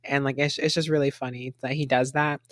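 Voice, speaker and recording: A man's voice: medium pitch, flat delivery, fairly quick, a bit bright, dry recording, studio quality. A young man co-hosting a casual chat, rambling with lots of "like" and frequent laughs. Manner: rambling, heavy use of "like", laughs often. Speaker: podcast co-host. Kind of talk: casual chat reviewing a reality show.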